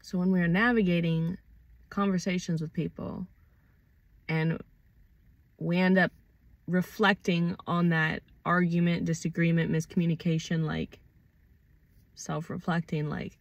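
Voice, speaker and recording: A woman's voice: lowish voice, flat delivery, unhurried, long pauses, no room sound, dull audio. A woman hosting her own channel, talking through her thoughts in a casual, reflective monologue, conversational and loose with swear words. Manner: thoughtful, conversational, swears freely, acts out quoted arguments. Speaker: channel host.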